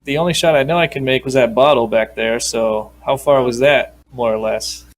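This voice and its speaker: A man's voice: medium pitch, normal speed, close to an everyday voice. A man voicing his own player character, a novice hunter asking plain, slightly unsure questions.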